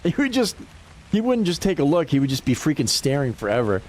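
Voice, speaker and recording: A man's voice: a little high, a little fast. A young man, casually telling swear-filled stories and laughing as he streams a game. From New Hampshire. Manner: animated storytelling, swears freely, laughs often. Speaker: livestreamer. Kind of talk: casual chat while gaming.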